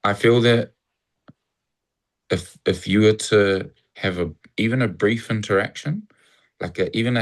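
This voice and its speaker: A New Zealand man with a matching accent chats casually as an interview guest, rambling and reflective, and acts out cheerful greetings. His voice is on the low side, a little slow, with frequent pauses.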